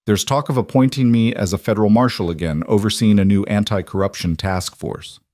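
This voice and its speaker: A man's voice: lowish voice, brisk, no echo, lightly acted. A man playing a solemn, weary frontier lawman. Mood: steady. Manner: steady and solemn. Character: weary, devoted former lawman and husband.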